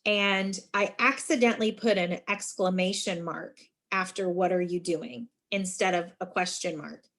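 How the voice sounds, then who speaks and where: A middle-aged woman, a university staff director, giving a friendly leadership workshop talk and calling her listeners friends, with lively asides as she tells stories. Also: on the low side, unhurried. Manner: lively storytelling with emphatic asides. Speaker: university student involvement director.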